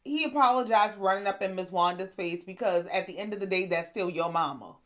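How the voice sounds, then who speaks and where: A woman hosting a casual reality TV recap, telling the story in a sassy, animated way and acting out the quotes. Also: mid-range voice, fairly quick. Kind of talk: casual commentary.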